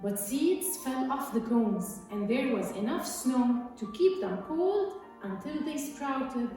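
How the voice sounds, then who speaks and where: Slow-reading woman, echoey room. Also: high voice, animated, warm tone. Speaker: teacher reading a story. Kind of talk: storybook narration. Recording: echoey room, far from mic, faint music.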